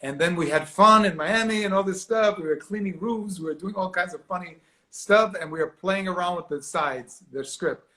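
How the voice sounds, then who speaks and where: Animated man telling a story. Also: high voice, normal speed. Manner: animated, acts out quoted voices, laughs often. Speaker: actor guest. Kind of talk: storytelling interview.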